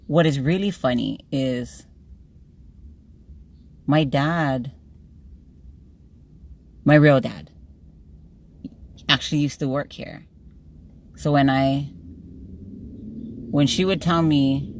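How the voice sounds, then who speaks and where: A woman with a Hawaiian Pidgin-tinged accent, telling a work story in a lively, chatty vlog and laughing often. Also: extremely low pitch, slow pace, long pauses. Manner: animated, laughs often, acts out dialogue. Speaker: vlogger. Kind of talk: chatty storytelling while getting ready.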